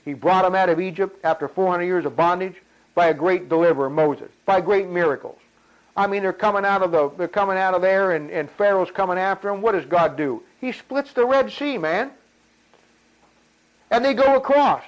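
A man preaching a sermon in an animated, folksy way, acting out voices of the people in his story. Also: high-pitched, a little fast. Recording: dull lo-fi sound.

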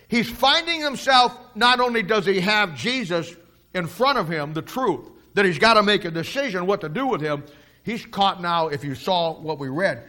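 Older preacher guy, high bright voice, folksy and fired up. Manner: fervent folksy storytelling. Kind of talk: sermon.

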